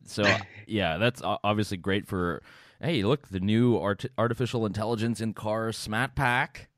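Chatty radio host, low and dry. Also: male voice, normal speed, no echo. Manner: chatty, laughing, loose. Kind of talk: casual radio talk.

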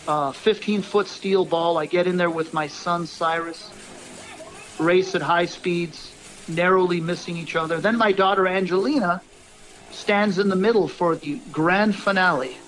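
High-voiced man telling circus stories. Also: poor audio. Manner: animated anecdotes, quoting people in quick voices. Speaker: circus performer, owner of the act. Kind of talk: casual storytelling.

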